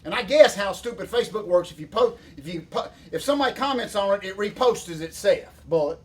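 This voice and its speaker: A man, hosting a show in a folksy, excitable, rambling way. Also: sits high, a little fast. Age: 50s. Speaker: show host. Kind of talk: casual banter.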